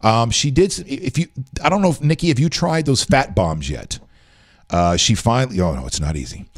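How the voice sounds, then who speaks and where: A middle-aged man hosts a casual livestream, chatting and rambling with viewers at normal speed in a mid-range voice. Though animated, his voice sounds tired and weak after a late night.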